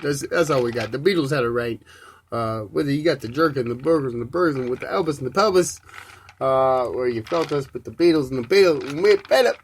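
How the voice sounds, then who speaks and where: A man hosting a solo live podcast, ranting in a rambling, profane way, swinging from loud outbursts to low mumbles. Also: expressive, fast talker, slight background noise. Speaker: podcast host.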